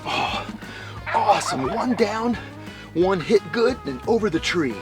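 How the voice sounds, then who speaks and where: A man hosting a hunting show, giving excited outdoor commentary in the field, at times dropping to a hushed voice. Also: sits high, measured pace, over music.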